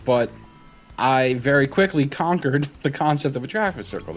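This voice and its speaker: A man's voice: medium pitch, animated, moderate pace, over loud music. A young man in casual gaming banter, sarcastic and passive-aggressive, swearing freely. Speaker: co-host playing a golf game.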